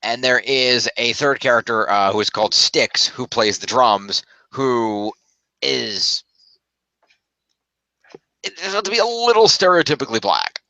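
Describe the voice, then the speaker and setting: A man's voice: medium pitch, lively intonation, measured pace, sharp tone, no echo, poor audio. A man chatting casually as a film reviewer, rambling and correcting himself as he goes. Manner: rambling, self-correcting, upbeat.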